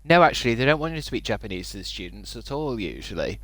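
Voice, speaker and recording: A man's voice: lowish voice, big pitch swings, quick pace, fairly bright tone, no room sound. A young man chatting casually on a gaming livestream, sweary and incredulous. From Britain. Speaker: streamer.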